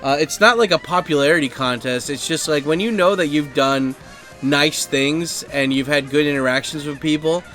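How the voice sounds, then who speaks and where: Podcast host, male, loose profane storyteller, voice a bit high, faint music underneath. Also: normal speed, a bit bright. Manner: rambling, profane, heavy on fillers and acted quotes. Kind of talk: casual storytelling.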